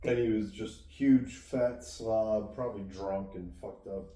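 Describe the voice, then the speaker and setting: A man's voice: on the low side, steady tone, measured pace, dark tone. Man, podcast co-host, profane laid-back talk, roomy echo, far from mic. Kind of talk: casual chat.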